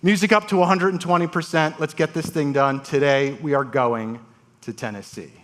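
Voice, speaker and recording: Male transplant surgeon, stage storyteller, dramatic pacing, a touch high-pitched. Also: steady tone, fairly bright tone. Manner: dramatic, uses pauses and voiced quotes. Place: conference stage before an audience.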